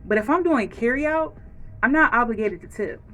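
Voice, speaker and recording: A woman's voice: a little high, expressive, fairly quick, pushed and bright. A woman ranting frankly to camera in a casual vlog, acting out quoted lines as she goes. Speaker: vlogger.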